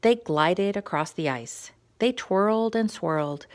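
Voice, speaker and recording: A woman reading a quiet story time picture book aloud for young children, gentle and expressive. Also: mid-range voice, a little slow, hardly any pauses.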